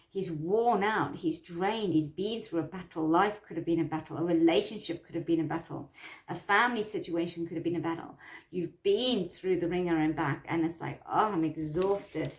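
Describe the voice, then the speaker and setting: Woman with a lower voice, teaching tarot at home in a casual, reassuring way; the room is echoey. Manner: warm, repetitive, reassuring, with frequent laughs. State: itchy eyes from allergies. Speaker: tarot teacher and psychic medium. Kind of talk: casual instructional talk.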